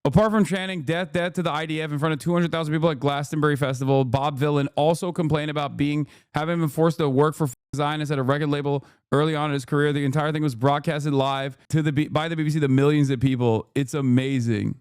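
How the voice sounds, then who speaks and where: A man's voice: on the high side, steady tone, fast talker, few pauses, a little mellow, smooth, no echo, studio quality. A man giving blunt, profane live-stream commentary, speeding up when he reads text aloud.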